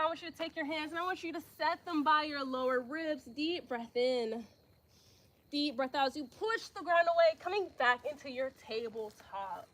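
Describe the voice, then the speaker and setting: High-voiced, breathy young woman leading yoga. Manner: calm guided breathing cues, with casual slang asides. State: slightly out of breath. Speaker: yoga instructor. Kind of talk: live yoga class instruction.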